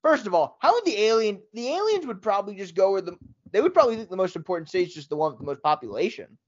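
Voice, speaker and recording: A man's voice: high-pitched, very animated, fast, muffled recording. A man co-hosting a casual podcast chat, laughing often and swearing a lot. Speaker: podcast co-host.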